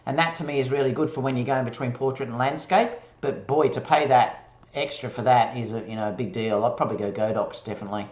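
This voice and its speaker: A man talks in a relaxed, rambling way and restarts his sentences often. He is a guest on a casual live-stream chat. His voice comes over a video call with a roomy echo. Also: medium pitch, quick pace. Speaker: guest photographer.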